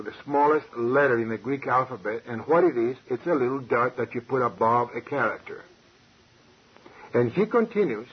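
A man preaching a sermon, emphatic and halting, full of rhetorical questions. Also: medium pitch, slightly rough. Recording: dull lo-fi recording.

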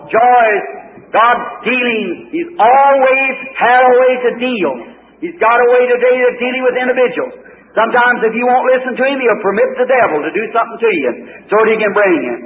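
A man's voice: very high-pitched, slight background noise. A man preaching a folksy revival sermon, telling homespun stories with chuckles and building to fervent exclamations. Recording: echoey hall on a tinny old recording.

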